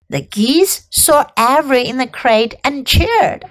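Slow, expressive woman reading a storybook. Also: high-pitched, rough recording. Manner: clear, expressive narration. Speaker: English teacher reading aloud. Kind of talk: storybook read-aloud for learners.

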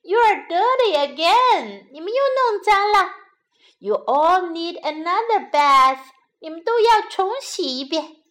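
A caring mother rabbit from a storybook speaks gently and slowly in a high voice, as a woman reads her part. Her talk has a motherly, sing-song lilt. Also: very animated, full character voice. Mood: exasperated. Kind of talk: children's storybook reading.

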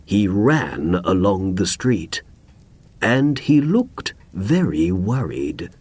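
A man narrating a graded-reader story slowly and expressively. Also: deep voice, no echo. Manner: slow, clear, expressive. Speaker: audiobook narrator. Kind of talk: scripted narration for learners.

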